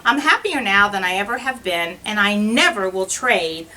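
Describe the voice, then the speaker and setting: A woman teacher reads a rhyming picture book aloud in a bright, clear voice. Her pitch swings widely as she carries the verses with a sing-song lilt. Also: expressive, moderate pace, distant mic, a little hiss or hum, poor audio.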